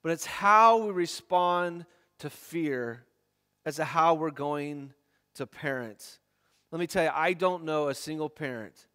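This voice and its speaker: High-voiced man preaching in a reverberant hall. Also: sharp tone, clean tone. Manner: earnest, reads scripture aloud with repeated restarts. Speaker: pastor. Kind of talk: sermon. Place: church.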